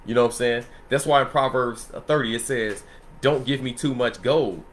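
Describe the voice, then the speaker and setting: A man in a relaxed Bible study who teaches the scripture in a loose, conversational way, laughing often and checking in with his listeners. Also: medium pitch, moderate pace. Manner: loose and conversational, laughs often, asks "you know what I'm saying?".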